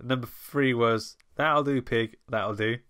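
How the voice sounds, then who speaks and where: A man's voice: medium pitch, steady tone, takes it slowly, a bit bright, no echo. Man, podcast co-host, playful quizmaster, dry close sound. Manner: jokey, laughs often, wordplay. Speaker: podcast co-host running a quiz. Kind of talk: casual chat. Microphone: headphones, home mic.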